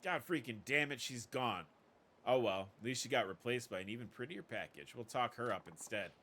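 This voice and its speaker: A man's voice: mid-range voice, expressive, fairly quick, bright, forceful tone. A man voicing cocky, sleazy male club touts who push women with leering come-ons.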